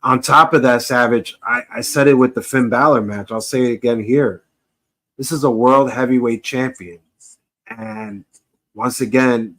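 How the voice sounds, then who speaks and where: A man's voice: mid-range voice, fairly bright tone. Blunt, opinionated man in podcast chat. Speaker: podcast co-host. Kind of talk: casual wrestling podcast chat.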